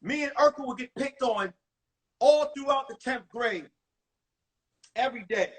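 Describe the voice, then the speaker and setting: A man in his forties, a comedian telling crude, animated stories about his school days on a phone livestream. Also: very high-pitched, a little slow, breathy edge. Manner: animated, profane storytelling with acted-out voices. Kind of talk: stand-up storytelling on a livestream.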